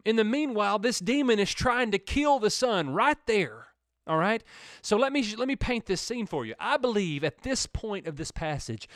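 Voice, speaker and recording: Male preacher, lively emphatic delivery, dry close recording. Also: sits high, no echo. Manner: animated, building emphasis with repeated words. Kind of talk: sermon. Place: church or studio program.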